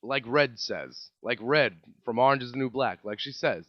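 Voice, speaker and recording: A man's voice: medium pitch, moderate pace, few pauses, no echo. A man in his thirties, a podcast host telling comedic stories in a profane, exasperated rant. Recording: dull lo-fi, dry.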